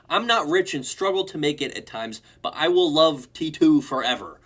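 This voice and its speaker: A man's voice: a little high, sing-song, normal speed, a bit bright. A young man hosting a reaction video, mockingly reading online comments aloud. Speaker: host.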